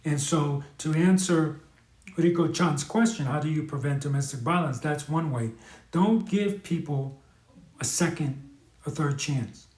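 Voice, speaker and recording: A man from New hosts a live stream, talking candidly and earnestly with many fillers and restarts. His voice sits a little high for a man. The room gives the sound a clear echo. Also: unhurried, a little mellow. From New York. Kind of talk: casual live-stream advice talk.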